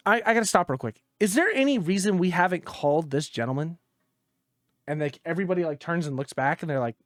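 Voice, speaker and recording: High-voiced man telling a profane story. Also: no room sound, studio quality. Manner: profane, exasperated, drops his voice low when quoting others. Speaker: gaming podcast co-host. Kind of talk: casual storytelling chat.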